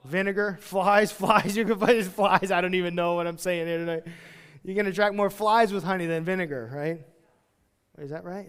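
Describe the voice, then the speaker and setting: High-voiced pastor preaching in a reverberant church. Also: male voice, smooth. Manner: conversational, self-deprecating asides with quick acted quotes. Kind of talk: verse-by-verse sermon. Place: church sanctuary.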